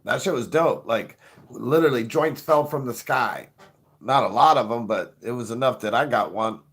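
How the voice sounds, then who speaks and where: A man's voice: mid-range voice, moderate pace, fairly bright tone, slightly rough. A middle-aged man hosting a show, chatting casually, swearing freely and laughing often as he rambles. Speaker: show host. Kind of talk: casual joking chat.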